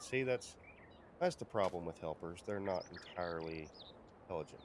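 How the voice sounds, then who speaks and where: A man's voice: sits low, expressive, moderate pace. A man streaming a farming game, rambling and chatty as he narrates what he does and talks to himself. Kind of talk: casual gameplay commentary. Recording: loud background noise.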